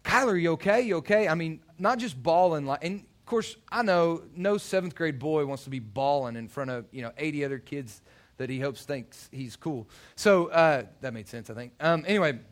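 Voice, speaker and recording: A man's voice: on the high side, moderate pace. A man preaching a sermon, telling personal stories in a loose, conversational way with many restarts. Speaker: youth pastor.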